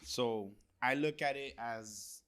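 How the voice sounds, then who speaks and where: A man's voice: mid-range voice, slow, fairly bright tone, clear, resonant tone. A man co-hosting a podcast, chiming in and offering opinions in casual chat. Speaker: podcast co-host.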